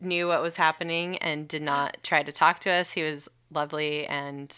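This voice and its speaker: A woman's voice: low-pitched, moderate pace, smooth. A young woman in casual chat, telling a story with lots of swearing and fillers. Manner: swears freely, animated storytelling with many fillers. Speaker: podcast guest telling a birth story.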